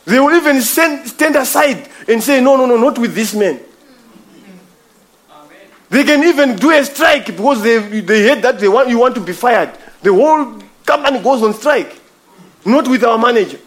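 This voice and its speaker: A man's voice: extremely high pitch, expressive, moderate pace. A man preaching a sermon, emphatic and repetitive, calling his listeners brother. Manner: emphatic, repeats phrases, addresses listeners as brother.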